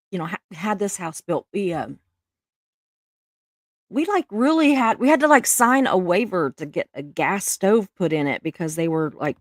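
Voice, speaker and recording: This middle-aged woman, speaking in a mid-range voice, hosts a laid-back livestream where she reads viewer comments, chatting emotionally and laughing often. The recording is dry and studio quality.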